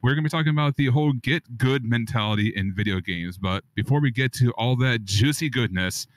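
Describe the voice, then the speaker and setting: A man hosting a casual gaming podcast in a playful, joking way, with a baritone voice. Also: fairly quick, no echo. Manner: playful, hypes his own baritone. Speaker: podcast host.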